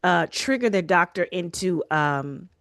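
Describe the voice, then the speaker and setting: A woman's voice: fairly low pitch, unhurried, creaky, no room sound, studio quality. A woman co-hosting a podcast, recapping a story in casual chat and acting out the lines she quotes. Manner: animated, acts out quoted lines. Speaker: podcast co-host.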